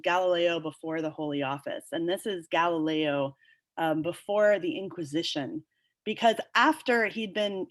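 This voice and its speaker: A woman teaching a history lesson, explaining a document section by section. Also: on the low side. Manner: explanatory, walks through a document. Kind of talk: lesson on a recorded webinar.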